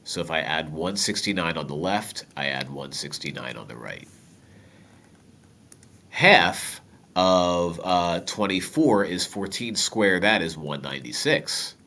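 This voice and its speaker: A man's voice: low-pitched, measured pace. A man with a nasal voice and a head cold, walking through a math lesson step by step and dropping jokes to the viewers. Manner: relaxed, joking asides to viewers. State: stuffy with a cold. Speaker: math teacher.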